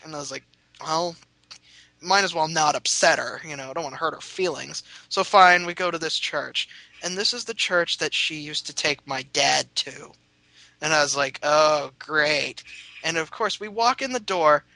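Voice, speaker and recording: A man's voice: fairly high pitch, moderate pace, pushed and bright, no echo, rough recording. A young man casually telling a rambling, sweary story and laughing as he goes.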